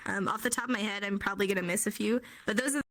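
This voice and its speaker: A woman's voice: mid-range voice, steady tone, rapid-fire, fairly bright tone. A young woman casually teaching a sign language class online, chatty with many fillers and frequent laughs.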